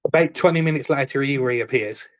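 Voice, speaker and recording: A man's voice: mid-range voice, fairly quick, no echo. A man with a West Midlands accent co-hosting a podcast, telling an anecdote in casual chat and acting out the people in it, laughing often. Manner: animated storyteller acting out quoted dialogue, laughs often. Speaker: podcast co-host.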